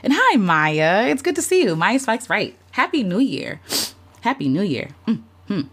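On a casual year-in-review livestream, a content creator speaks in a husky, slightly bright, medium-pitched voice with big swings in pitch and a measured pace. She talks openly and warmly, using many fillers as she names and thanks her viewers. Her emotions sometimes bring her near tears.

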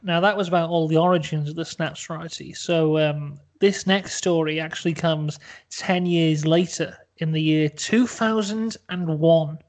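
A man's voice: on the high side, fairly even intonation, moderate pace. A young man hosting a podcast, telling an absurd story in a playful, mock-dramatic way. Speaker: podcast host. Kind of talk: comedic storytelling.

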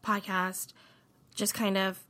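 A woman's voice: medium pitch, flat delivery, takes it slowly, sharp tone. A woman co-hosting a podcast, playful and teasing in casual chat. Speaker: podcast co-host.

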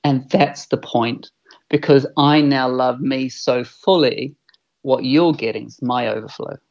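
A man's voice: mid-range voice, fairly even intonation, unhurried, gravelly, darkish tone, dull audio. A man, an earnest and reflective podcast guest who swears freely. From New Zealand. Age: 40s. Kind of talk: podcast conversation.

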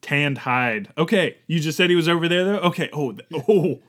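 A man voicing a newly arrived young male recruit who talks in a hesitant, apologetic way with deadpan asides. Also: fairly high pitch, normal speed. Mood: awkward. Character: newest young male recruit, awkward and eager. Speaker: podcast co-host. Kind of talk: improvised comedy role-play.

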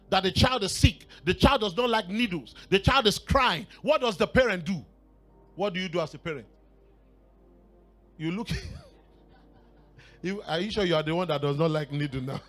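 A Nigerian man preaches to his church in a high, animated voice that swings widely in pitch. He tells a story with laughter and sudden shouted cries, while soft music plays behind him. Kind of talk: sermon.

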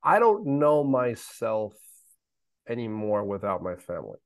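A middle-aged father of a child with special needs, appearing as a podcast guest, speaks candidly and emphatically in a conversational interview. His fairly low voice swings widely in pitch at a measured pace, and he repeats himself and swears now and then. The recording is dry.

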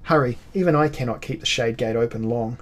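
A man's voice: medium pitch, fairly quick, natural voice. A man reading aloud and voicing a scheming, cryptic male chaos god in a fantasy story.

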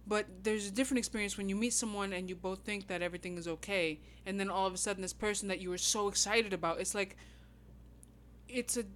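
A woman from New York co-hosting a book podcast, talking in an animated, casual way. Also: medium pitch, slight background noise. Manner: animated, quick to laugh. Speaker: podcast co-host.

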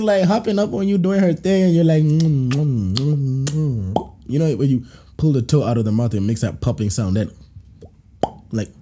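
A man from Kenya hosting a casual podcast, his voice dark and husky and his pitch leaping around as he laughs and acts out reactions. He reads listener stories slowly, with slangy banter. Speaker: podcast host. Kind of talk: casual chat, reading listener stories aloud.

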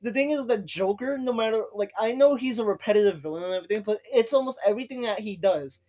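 A man's voice: high voice, quick pace, a little mellow. A man chatting eagerly, jumping in and restarting his sentences often. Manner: eager, talks in restarts and fillers. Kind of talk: casual chat.

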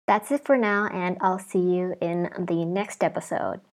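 A woman's voice: fairly low pitch, fairly even intonation, unhurried. A woman hosting a podcast in casual chat, talkative and leaning on the filler "like" as she goes. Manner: chatty, leans on the word "like", friendly sign-off. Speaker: podcast host.

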